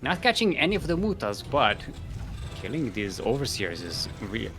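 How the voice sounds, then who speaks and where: A man casting a live video game match, excitable and laughing often as he talks. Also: medium pitch, moderate pace, music in the background. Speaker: esports caster.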